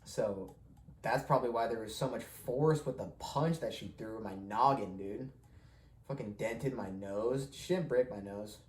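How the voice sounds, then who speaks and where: A man's voice: on the low side, moderate pace. A young man hosting a podcast, telling a rambling, profane story with frequent laughs. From Mexican heritage. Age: young adult. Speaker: podcast host. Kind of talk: casual storytelling. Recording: echoey room with faint ambience.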